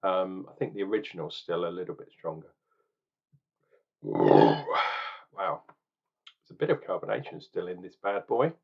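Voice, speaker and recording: A man's voice: deep voice, sing-song, measured pace, vocal fry, long pauses, husky, highs cut off. A man chatting casually while tasting and reviewing a beer, thinking aloud with ums and restarts.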